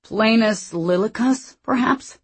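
A woman reading a big, mocking lumberjack in an audiobook, speaking slowly and slyly. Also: a little high, slightly rough, voice pushed up.

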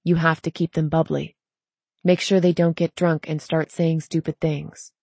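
A woman reading the part of a troubled young man who sounds tired and quiet. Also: deep voice, little pitch movement, normal speed, creaky, breathy edge, dry recording, heavily acted. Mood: firm.

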